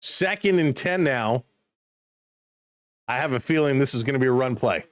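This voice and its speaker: A man casually calling football play-by-play on a live stream, chatting excitedly with viewers. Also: mid-range voice, moderate pace, dry recording.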